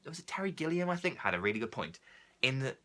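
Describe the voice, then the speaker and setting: A young man with a cold talks quickly in a bright, sharp voice, hosting a film podcast. He rambles in an animated way, with exaggerated comic rants. The chat stays casual and loose. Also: medium pitch. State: has a cold, coughing.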